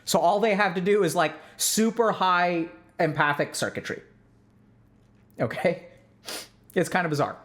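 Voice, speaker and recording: His voice sits high with a fairly bright tone, and he talks unhurriedly with long pauses. This man is a clinician explaining parenting casually, sprinkling in "like" and frequent "right?" check-ins, with sarcasm aimed at strict views.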